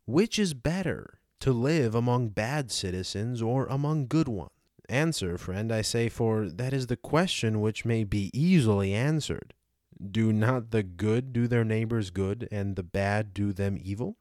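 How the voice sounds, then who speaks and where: A man's voice: on the low side, lively intonation, measured pace, darkish tone, no room sound, studio quality. A man reading the part of an aged male philosopher, cross-examining with rhetorical questions, for a dramatized audiobook. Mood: questioning.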